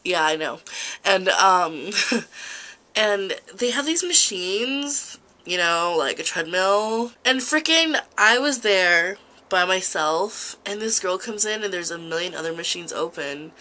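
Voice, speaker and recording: A woman's voice: mid-range voice, expressive, takes it slowly, pushed and bright. A woman in her twenties from California, chatting in a casual vlog while sick, self-mocking and chatty. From California, USA. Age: 20s. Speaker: vlogger.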